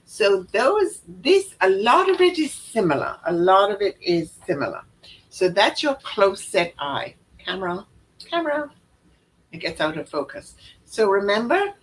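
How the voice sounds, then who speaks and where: A woman's voice: on the low side, low-quality recording. A woman giving a chatty makeup lesson, showing steps on camera and often repeating or correcting herself. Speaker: makeup instructor. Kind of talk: live makeup tutorial.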